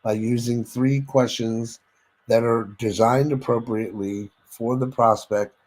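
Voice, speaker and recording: A man's voice: fairly low pitch, darkish tone, poor audio. A man leading a sales training lecture, speaking directly to listeners, checking in with them and demonstrating vocal inflections as he teaches. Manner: instructive, addresses listeners directly with frequent "okay?".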